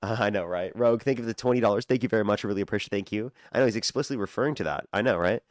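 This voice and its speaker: Fast-talking young man streaming live. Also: on the low side, dry recording, studio quality. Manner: rapid-fire, repetitive thank-yous to donors. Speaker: livestream debate host. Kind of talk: casual livestream talk.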